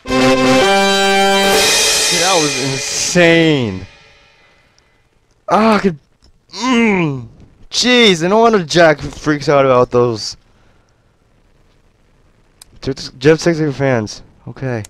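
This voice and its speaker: A young man doing gameplay commentary on a headset mic at home, excitable and yelping at the game. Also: on the high side, extremely slow, long pauses, faint music behind. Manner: excitable, yelps and shouts at the game. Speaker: gaming YouTuber.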